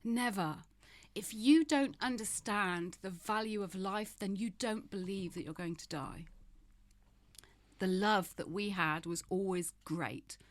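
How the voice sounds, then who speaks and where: A woman's voice: mid-range voice, unhurried, no echo. A woman in her fifties, a guest in an interview, speaking frankly and emphatically with wry humor. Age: 50s. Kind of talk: candid interview conversation.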